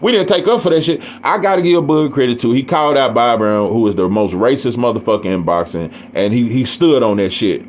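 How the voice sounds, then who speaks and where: A man's voice: medium pitch, animated, a little fast, hardly any pauses. A man with an East Texas Southern accent, ranting bluntly and profanely about boxing and repeating his points. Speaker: boxing commentator. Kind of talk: ranting monologue.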